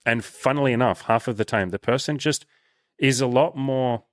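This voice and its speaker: A man's voice: medium pitch, normal speed, no room sound, clean studio sound. A man hosting a casual coaching interview, talking animatedly, swearing freely and acting out little bits of dialogue. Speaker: dating coach and host.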